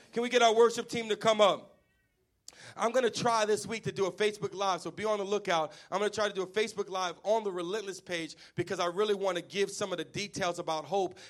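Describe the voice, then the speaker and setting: A man preaching a sermon as pastor, impassioned, at times shouting refrains to the congregation. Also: high voice.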